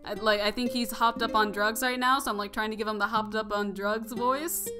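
A young woman narrates her playthrough of a story game, reacting out loud in an expressive, gushing way. Music plays steadily underneath. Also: on the high side, a little fast. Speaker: let's play host. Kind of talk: emotional gameplay commentary.

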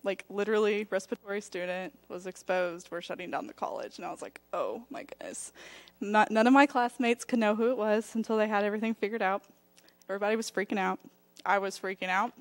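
A woman's voice: medium pitch, steady tone, quick pace. A young woman giving a chatty church testimony, laughing often as she talks. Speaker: respiratory therapy student giving testimony. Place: church sanctuary.

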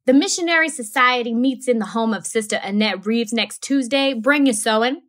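Lady reading as a stiff preacher guy doing church announcements, kinda loud and formal. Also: a little high, normal speed, close to an everyday voice. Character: stern small-church preacher man, formal.

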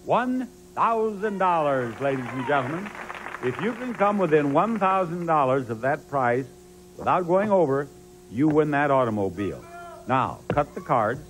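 A man's voice: a little high, sing-song, slight background noise. Man hosting a game show, raised voice. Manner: drawn-out emphatic announcing to a studio audience. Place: television studio.

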